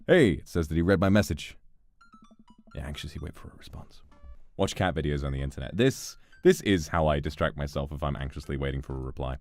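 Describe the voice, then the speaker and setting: Deep-voiced animated male streamer. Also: fairly quick, dry recording, faint music behind. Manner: animated, laughing, swearing. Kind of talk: casual gameplay commentary.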